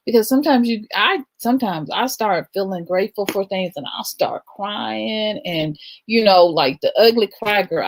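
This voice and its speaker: A middle-aged woman hosting a livestream, giving an emphatic spiritual talk and often asking "right?". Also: mid-range voice. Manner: emphatic, rhythmic, repeats "right?". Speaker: livestream host. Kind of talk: spiritual talk to a live audience.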